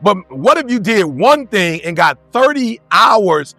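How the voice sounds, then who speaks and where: High-pitched punchy motivational speaker man. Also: big pitch swings, a little slow, bright, forceful tone, no echo, faint music behind. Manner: punchy rhetorical questions, street-casual slang. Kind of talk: motivational talk to a live audience.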